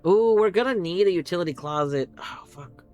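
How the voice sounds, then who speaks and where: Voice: mid-range voice, expressive, fairly quick, darkish tone, faint music behind. Chatty, swearing game streamer. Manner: chatty, rambling, swears casually. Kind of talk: live gameplay commentary.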